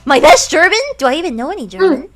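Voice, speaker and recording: A high-pitched, excitable woman streamer chatting while she plays a game. Her pitch swings widely and she breaks into giggles often. Faint music plays behind her. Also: quick pace. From United States. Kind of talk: casual chat while gaming.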